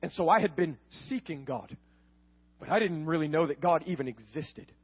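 A man's voice: a little high, expressive, normal speed, breathy edge, muffled recording. A man telling his faith testimony as a sermon, earnest and storytelling, often repeating words.

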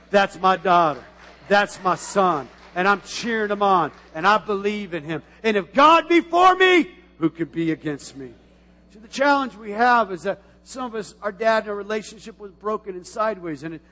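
A middle-aged man preaching from the pulpit in a high, ringing voice, carried by a long church-hall reverb. He drops to near-whispered asides, then bursts out loud. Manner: animated preaching, swinging from quiet asides to loud exclamations. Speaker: pastor. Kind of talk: sermon. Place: church sanctuary.

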